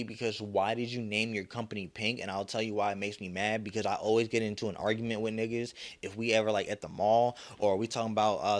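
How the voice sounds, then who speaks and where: A man's voice: lowish voice, fairly bright tone. A young man hosting a solo podcast, ranting with lots of swearing and putting on mocking voices for the people he quotes. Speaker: podcast host.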